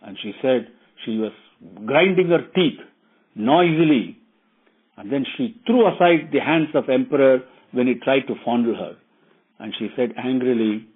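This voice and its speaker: A man's voice: medium pitch, animated, normal speed, breathy edge. A man retelling a religious epic in his own words, rambling and repeating himself with many fillers. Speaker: storyteller. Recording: tinny phone-like recording.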